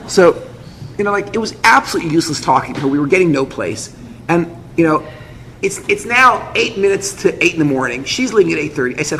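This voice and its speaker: A man, a rabbi, telling a dramatic personal story with vivid acted dialogue and quick asides. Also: high-pitched, sing-song, fairly bright tone. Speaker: rabbi, speaker. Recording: echoey hall with faint noise.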